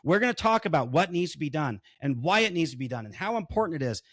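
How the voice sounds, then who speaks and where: A man's voice: on the high side, very animated, quick pace, a bit bright, no echo, clean studio sound. A man co-hosting a podcast, blunt and openly emotional, swearing as he vents. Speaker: podcast co-host. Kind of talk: heated casual podcast chat. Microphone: desk-mounted microphone.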